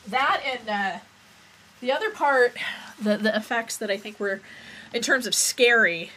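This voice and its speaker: Bright-voiced woman recounting film scenes. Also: fairly high pitch, measured pace, slight background noise. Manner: rambling, recounting scenes, swearing. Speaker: podcast co-host. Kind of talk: casual chat.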